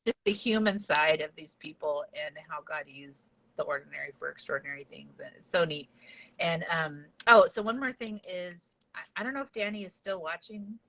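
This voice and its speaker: A woman's voice: sits low, moderate pace, a bit bright. A woman hosting a casual podcast chat, rambling and giggly with lots of fillers. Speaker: podcast host. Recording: dull lo-fi sound.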